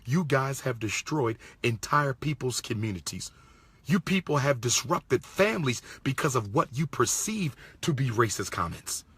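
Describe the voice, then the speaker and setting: Speaking from Pennsylvania, USA, a man delivers an impassioned, indignant monologue, repeating his points and firing off rhetorical questions. His medium-pitched voice is husky and a bit bright, with lively intonation at a normal speed. There is no room sound.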